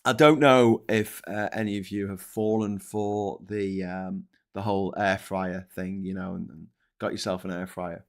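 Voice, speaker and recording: This live stream host talks casually and profanely, rambling and getting sidetracked, and he perks up with excitement when thanking his viewers. He has a deep voice, a moderate pace, and barely pauses.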